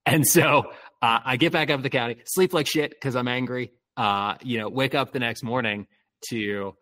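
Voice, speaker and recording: A man's voice: mid-range voice, normal speed, pushed and bright. Rambling man telling a dating story. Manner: rambling, filler-heavy, swears freely. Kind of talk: casual chat.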